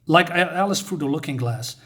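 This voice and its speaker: A man's voice: a little high, a little fast, pushed and bright. A man reading out the lines of a tired, aging male painter, plainly and wearily. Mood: weary.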